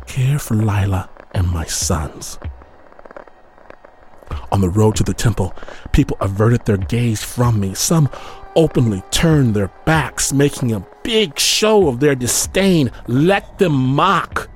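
Slow, grave male storyteller. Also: medium pitch, animated, faint music behind. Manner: measured, grave, with dramatic pauses. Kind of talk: dramatic storytelling narration.

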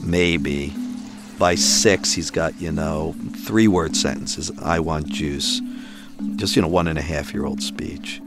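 Middle-aged father with a low voice, narrating his family's story with lively acted-out dialogue. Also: slow pace, over loud music. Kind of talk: storytelling interview.

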